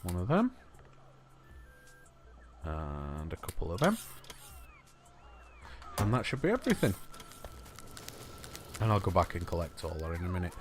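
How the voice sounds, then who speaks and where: A man with a lowish voice talks through his gameplay in a relaxed, unhurried way, his pitch swinging up and down as he chats. He mutters asides and talks to the things on screen as he goes. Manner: chatty, talks to the game objects, mutters asides. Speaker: let's play host. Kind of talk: casual gameplay commentary.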